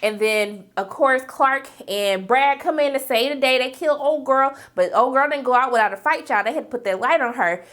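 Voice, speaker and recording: High-voiced chatty woman recapping a show. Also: normal speed, hardly any pauses, a bit bright. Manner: chatty, addresses viewers as y'all, acts out characters' lines. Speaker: TV episode reviewer. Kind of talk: casual episode recap.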